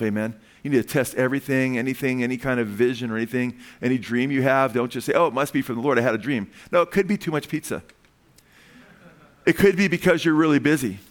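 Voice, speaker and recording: A pastor preaching a sermon in a casual, conversational way. He often checks in with the congregation by asking "amen?" and swings between loud emphasis and quiet, hushed lines. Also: medium pitch. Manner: conversational preaching, frequent "amen?" call-outs.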